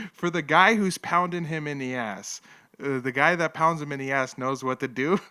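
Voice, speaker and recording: Man, livestream host, casual fight commentary, bright crisp voice, joking and rambling. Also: mid-range voice. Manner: rambling, joking, laughs often. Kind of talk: casual commentary over an old fight event.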